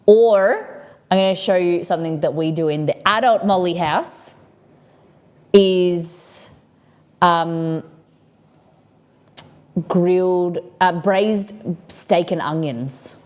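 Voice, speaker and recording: A woman's voice: fairly low pitch, a little mellow. A woman with an Australian accent hosting a casual cooking livestream from her home kitchen, chatting in a rambling way and answering viewer comments. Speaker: cooking stream host.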